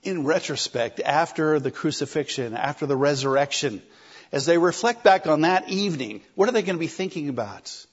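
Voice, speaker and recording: A man preaching a sermon in a conversational, animated way, acting out quoted lines. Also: on the high side, slightly rough, highs cut off.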